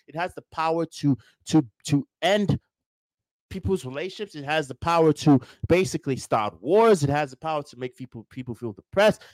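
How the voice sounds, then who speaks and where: A man's voice: a little high, no echo. A man hosting a live motivational talk, repeating points emphatically and speaking straight to his viewers. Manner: emphatic, repetitive, addresses viewers directly. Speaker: host.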